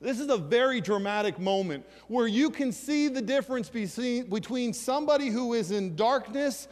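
A man preaching a sermon, reading scripture aloud and putting questions to the congregation in an animated way. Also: extremely high pitch, moderate pace. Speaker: pastor. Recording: reverberant hall sound.

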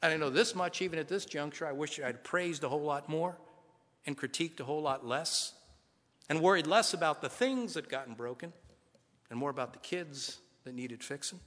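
A man's voice: a little high, a little fast, a bit bright. A middle-aged man, a pastor, giving an earnest, conversational sermon full of rhetorical questions. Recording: long hall reverb.

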